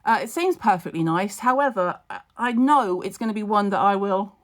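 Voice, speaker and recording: A middle-aged woman chats to her viewers from home in a live stream, with a voice of ordinary pitch for a woman. She is blunt and wry, drifting into asides and dry jokes as she gives skincare advice. It sounds close and informal, like a phone or camera at arm's length. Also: animated, normal speed. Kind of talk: casual live-stream chat.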